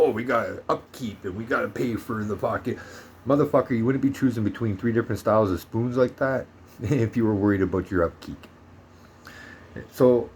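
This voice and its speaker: A man's voice: medium pitch, darkish tone, a little hiss or hum. A heated, profane man ranting. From Canada. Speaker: vlogger. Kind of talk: ranting monologue vlog.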